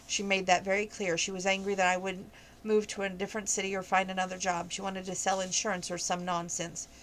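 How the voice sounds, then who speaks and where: A woman's voice: mid-range voice, flat delivery, fairly quick, fairly bright tone, slight background noise, natural voice, poor audio. A woman reading the lines of a devoted middle-aged stepfather, keeping close to her own plain voice.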